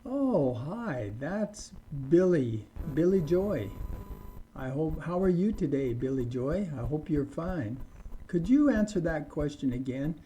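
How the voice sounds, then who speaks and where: A man teaching an English grammar lesson, saying example sentences slowly and deliberately. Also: fairly high pitch, very animated, warm tone, a little hiss or hum. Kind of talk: slow scripted grammar lesson.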